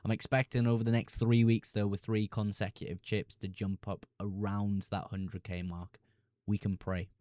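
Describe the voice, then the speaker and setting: A man's voice: on the low side, flat delivery, normal speed, dark tone, dry recording. A man with a Sunderland accent hosting a live fantasy football stream. He reads viewers' questions aloud and answers them in a casual, chummy way. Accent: Sunderland (Mackem). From Sunderland, North East England.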